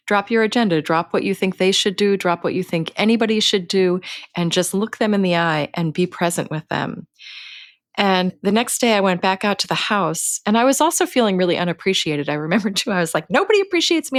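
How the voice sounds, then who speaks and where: A middle-aged woman, a guest author, telling personal stories in an earnest, unhurried way. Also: fairly low pitch, dry recording, studio quality. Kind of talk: reflective personal storytelling.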